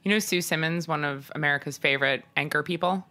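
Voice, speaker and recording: Bright, giggly woman podcast host. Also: low-pitched, fast talker. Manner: giggly, swears, self-mocking. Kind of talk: casual podcast chat.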